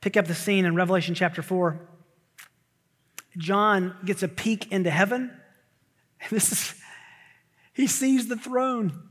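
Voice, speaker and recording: A male pastor preaching a sermon, swinging from loud repeated shouts to hushed near-whispers. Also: sits high, fairly even intonation, measured pace, long pauses, in a large hall.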